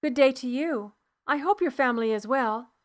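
A woman voicing a strong, kindly clanswoman who speaks softly. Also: high-pitched, normal speed, voice pushed up, close to an everyday voice. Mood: friendly. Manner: gentle, soft-spoken.

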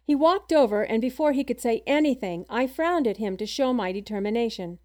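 A woman narrating a first-person audiobook in a steady, measured way. Her voice sits a little high.

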